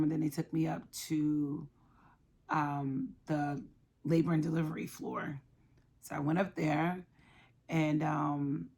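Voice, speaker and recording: A woman in her thirties telling a personal story of loss, soft-spoken and halting, with many pauses. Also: sits low, creaky, breathy edge. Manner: emotional, quietly reliving a loss. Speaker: guest sharing her story.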